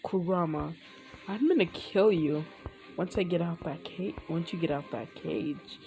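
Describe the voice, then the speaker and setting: A woman voicing a young, devoted male ninja hero, talking low and soft, with food sizzling in a pan behind her. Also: a little slow, soft background music, low-quality recording. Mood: angry.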